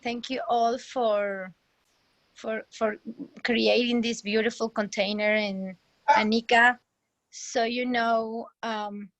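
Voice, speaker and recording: Woman sharing on a call, slow and hesitant, dry sound. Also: on the high side, little pitch movement, no room sound, muffled recording. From Mexico. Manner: hesitant, with many fillers. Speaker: participant sharing.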